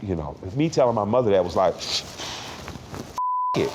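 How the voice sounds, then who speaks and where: A man's voice: lowish voice, big pitch swings, fast, a little mellow, in a large hall. A man in his forties talks in an interview, heartfelt and reflective. He stumbles over repeated words when emotion rises, and tears sometimes come into his voice. A faint background hiss sits under the recording. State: tearful at times. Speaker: interview guest, rapper.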